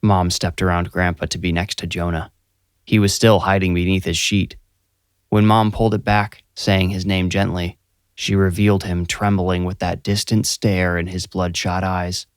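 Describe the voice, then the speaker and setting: A young adult man narrating a scripted first-person horror story in a measured, steady way. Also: low-pitched, clear, resonant tone, dry recording, studio quality. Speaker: narrator and writer.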